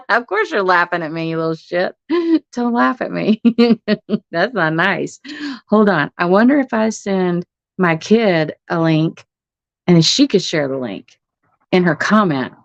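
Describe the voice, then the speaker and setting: A woman's voice: fairly low pitch, expressive, unhurried, gravelly, long pauses, dry recording. Woman, middle-aged, chatty livestream host, laughs a lot, casual cursing, dry close phone audio. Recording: muffled phone stream audio.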